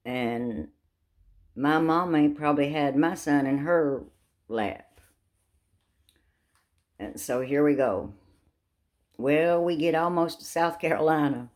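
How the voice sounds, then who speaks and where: A woman's voice: sits low, slow pace, pauses often, a little mellow. An older woman telling a funny family story in a folksy way, with sound effects. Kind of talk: casual storytelling.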